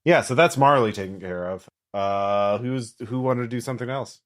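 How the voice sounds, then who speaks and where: A man's voice: medium pitch, normal speed. A man running a tabletop game as game master, talking loosely with many fillers.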